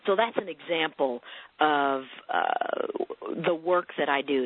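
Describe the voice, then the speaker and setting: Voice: medium pitch, no echo. A counselor for teens and parents, talking earnestly as a guest in a radio interview and often repeating words while explaining with client examples. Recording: phone-like narrow radio line.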